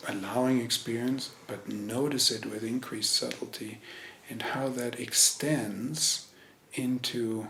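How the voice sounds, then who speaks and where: A male Zen teacher giving a meditation talk, searching for words with frequent restarts and pauses. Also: medium pitch, fairly even intonation, a bit bright, reverberant, a little hiss or hum. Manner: hesitant, searching, many restarts. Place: meditation hall.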